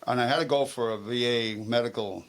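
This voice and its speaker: A man's voice: mid-range voice, fairly quick. A man who is a guest on a local TV talk show, telling stories in casual chat and turning insistent and heated when he argues. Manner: storytelling, gets heated and insistent when arguing. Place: local TV studio.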